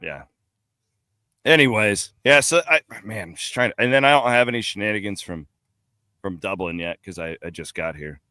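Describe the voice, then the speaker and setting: A man's voice: fairly low pitch, normal speed, no echo, clean studio sound. A man co-hosting a sports podcast, chatting casually and animatedly, telling travel stories from an airport bar over a remote call. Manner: animated storyteller, laughs at his own stories. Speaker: podcast co-host.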